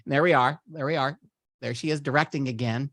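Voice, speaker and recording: A man's voice: medium pitch, steady tone, moderate pace, fairly bright tone, no echo. Campy giggly comedian as a man puts him on, gushing party host, dry close sound. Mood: gleeful, gushing. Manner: gushing, giggly, chatty asides. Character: campy middle-aged male comedian impression. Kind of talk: narrating photo slideshow. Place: virtual party at home.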